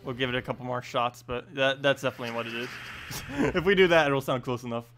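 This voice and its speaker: A man streaming a video game, chatting quickly and casually about his moves with a self-mocking tone. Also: medium pitch, fairly bright tone. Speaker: gaming streamer. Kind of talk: casual gameplay commentary. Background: faint game music.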